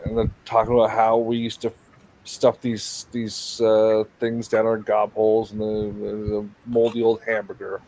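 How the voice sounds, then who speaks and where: A man's voice: lowish voice, completely flat delivery, moderate pace, a little mellow, rough recording. A man hosting a casual livestream chat on a video call, rambling through a story with restarts and jokey asides. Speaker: show host.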